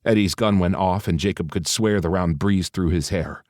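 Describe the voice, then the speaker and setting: A man reading an audiobook in steady, even scripted narration. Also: low voice, moderate pace, no room sound, clean studio sound.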